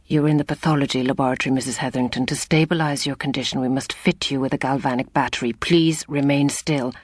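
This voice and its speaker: A woman voicing a brisk male surgeon with a soft Irish accent and a clinical manner. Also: extremely low pitch, fairly even intonation, dry recording.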